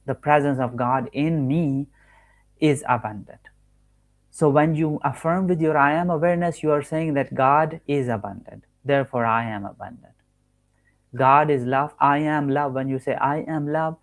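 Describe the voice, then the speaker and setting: A man coaching listeners on manifestation in an earnest, repetitive talk from home, often restarting and correcting his words mid-sentence. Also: mid-range voice. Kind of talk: spoken teaching monologue.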